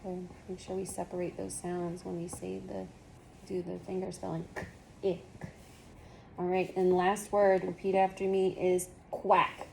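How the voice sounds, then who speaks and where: A woman's voice: on the low side, monotone, moderate pace, vocal fry, warm tone, slight background noise. Patient, encouraging woman reading tutor. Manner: patient, encouraging, gives step-by-step prompts. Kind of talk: one-on-one phonics lesson.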